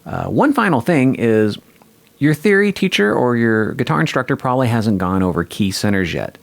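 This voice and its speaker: A man teaching a guitar lesson, calmly explaining and counting the beat aloud. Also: medium pitch, normal speed, creaky, dry recording. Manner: calm explaining, counting beats aloud over a track. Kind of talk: instructional lesson.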